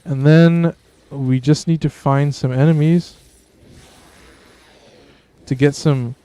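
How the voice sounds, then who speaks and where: Male streamer, laid-back game commentary, smooth voice, dry close mic. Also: a little high, fairly even intonation, slow, mellow, no echo. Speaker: streamer host. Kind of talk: gameplay commentary.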